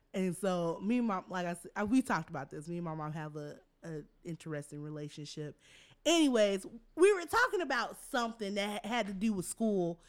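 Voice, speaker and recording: A woman's voice: medium pitch, sing-song, moderate pace. A young adult woman co-hosting a podcast, telling a story in casual chat, laughing often and acting out the quotes. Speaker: podcast co-host.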